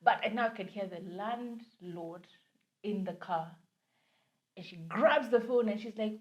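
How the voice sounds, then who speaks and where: A woman's voice: medium pitch, a little slow. A young Kenyan woman, a podcast co-host, telling a story in casual chat, mixing English with Swahili slang.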